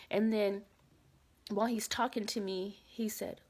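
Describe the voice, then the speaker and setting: A woman casually retells a frightening dream, animated and dramatic, repeating phrases, using many fillers, and dropping to whispers for quoted lines. Her voice is medium-pitched at a moderate pace in this spoken storytelling.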